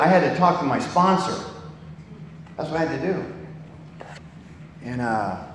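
A man's voice: fairly high pitch, a little hiss or hum. Older man telling his story, salty and rambling. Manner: rambling, salty, with many restarts. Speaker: recovery meeting speaker. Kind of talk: personal testimony talk. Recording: echoey hall with long reverb.

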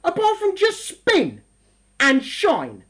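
A middle-aged woman teaching a lesson in an emphatic, animated way, full of rhetorical questions. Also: very high-pitched, takes it slowly. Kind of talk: lively classroom lesson.

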